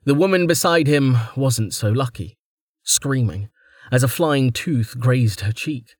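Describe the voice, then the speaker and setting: Dude reading a fantasy audiobook, slow and dramatic, dead dry sound. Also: male voice, medium pitch, expressive, dry recording. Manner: dramatic storytelling. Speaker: audiobook narrator. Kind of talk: scripted narration.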